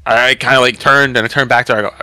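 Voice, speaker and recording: A man playing a tabletop game, describing his moves in a halting way with many fillers. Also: medium pitch, little pitch movement, bright, forceful tone, clear, resonant tone, dry recording, faint music behind. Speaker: player. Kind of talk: casual tabletop play.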